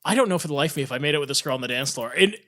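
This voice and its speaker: A man's voice: a little high, expressive, very fast, sharp tone. A young man, telling rambling stories on a casual podcast, laughing often and restarting his sentences. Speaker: guest, show producer.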